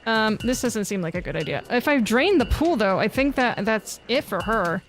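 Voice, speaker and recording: A woman's voice: a little high, lively intonation, moderate pace, faint music behind. A woman streaming a horror game, reading its text aloud, talking to herself and panicking and swearing at the game. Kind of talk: live gameplay commentary.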